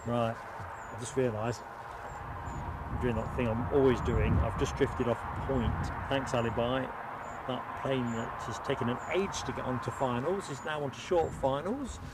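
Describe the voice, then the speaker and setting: A man's voice: mid-range voice, normal speed. A man hosting a casual live stream outdoors, chatting and joking with viewers in the chat. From England. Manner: chatty, jokey, reads out chat names. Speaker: livestream host. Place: outdoors by an airport. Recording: outdoor stream with clear background noise.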